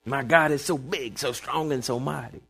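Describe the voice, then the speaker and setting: A man preaching in a church, his voice sitting in an ordinary middle pitch. He drives his points home with emphatic declarations, then drops to quiet asides, and keeps asking the congregation whether they are with him. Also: normal speed, vocal fry, breathy edge. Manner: emphatic, call-and-response with the congregation; shifts between loud proclamation and quiet asides. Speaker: pastor. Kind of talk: sermon. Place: church sanctuary before a congregation.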